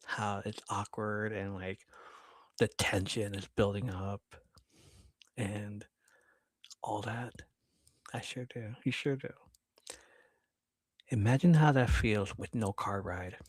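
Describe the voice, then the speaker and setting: Man telling a story, loud bursts and hushed asides. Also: lowish voice, slow pace, pauses often, no room sound, studio quality. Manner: animated, swings between loud bursts and hushed asides, swears freely. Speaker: podcast host. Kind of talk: casual storytelling. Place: live podcast studio.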